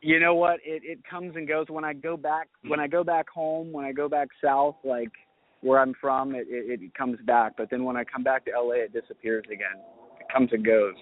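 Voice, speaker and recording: A man's voice: medium pitch, fairly even intonation, moderate pace. A man from North Carolina, a guest on a radio interview, talking in a friendly, rambling way with many restarts. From North Carolina, USA. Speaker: guest, actor and musician. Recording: dry, tinny phone line.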